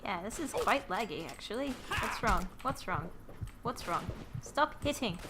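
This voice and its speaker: A woman with a slightly high voice and wide pitch swings plays a video game at a measured pace, casually commenting as she goes in a very noisy recording. She giggles often and mutters flustered, self-mocking remarks to herself in this let's-play.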